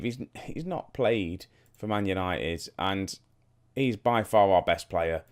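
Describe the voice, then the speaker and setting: Clicking through the menus of a football management game, a very deep-voiced young YouTuber talks at a slow, expressive pace. His let's-play chat is easygoing and rambling, full of thinking aloud and questions for his viewers.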